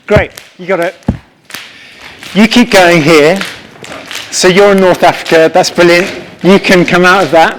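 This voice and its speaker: A man's voice: high voice, steady tone, measured pace, pauses often, a bit bright, a little hiss or hum, poor audio. A man leading a live rhythm workshop, encouraging the group and vocalizing drum patterns. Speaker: music workshop leader. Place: lecture hall with a live audience.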